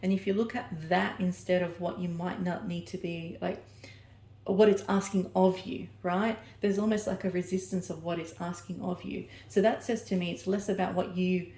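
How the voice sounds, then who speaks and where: A woman with a lowish, mellow voice speaks at a normal pace in a steady tone, and the sound is roomy. Talking to the camera, she gives a personal oracle card reading, rambling and hunting for words as she corrects herself mid-sentence.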